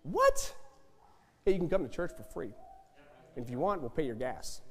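A man's voice: mid-range voice, expressive, fast talker. Fiery preacher man in a hall. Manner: emphatic, repetitive, rising to shouts. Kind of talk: fiery sermon.

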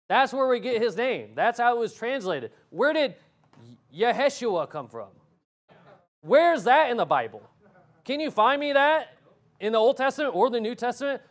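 A man delivers a sermon in a slightly higher voice. He talks emphatically, asks rhetorical questions, and often restarts his sentences. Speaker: preacher.

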